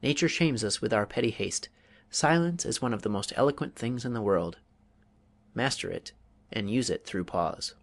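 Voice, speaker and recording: A man's voice: on the low side, expressive, normal speed, creaky. Man reading a speaking manual aloud. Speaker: audiobook reader. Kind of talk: audiobook narration of a public speaking manual.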